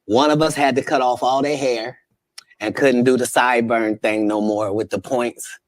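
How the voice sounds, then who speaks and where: A comedian telling a story in an interview in a deliberate way. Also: male voice, medium pitch, fairly even intonation, no echo. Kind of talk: anecdote in an interview.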